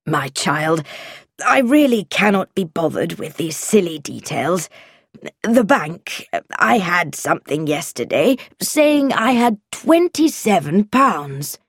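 A woman's voice: fairly low pitch, sing-song, slow, husky, dry recording, studio quality, full character voice. A woman reading the lines of an absent-minded elderly professor father in a storybook, fussy and mildly irritable. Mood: irritated.

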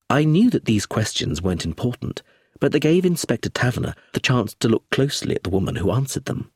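A man reading a story aloud as narrator, in an expressive scripted narration. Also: mid-range voice, brisk, breathy edge, no echo, studio quality.

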